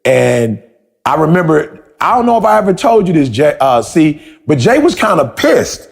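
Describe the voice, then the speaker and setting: A man's voice: on the high side, sing-song, moderate pace, gravelly. A man hosting a motivational conversation, telling stories with emphatic repeated questions. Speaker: podcast host.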